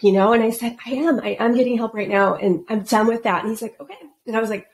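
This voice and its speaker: A woman's voice: mid-range voice, fast. A middle-aged woman, a business coach, telling her story in a casual podcast interview and acting out the voices of the people she quotes. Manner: animated, acts out quoted voices.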